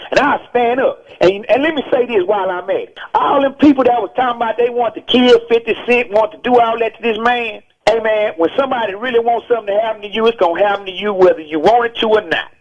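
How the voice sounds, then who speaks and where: A high-voiced man lays out his views in an emphatic, preachy way, circling back to the same points again and again. He's calling in to a radio show, and his voice comes through a dull, muffled phone line. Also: fast, hardly any pauses. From Texas. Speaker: rapper interviewed as phone-in guest. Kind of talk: heated radio call-in interview. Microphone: telephone.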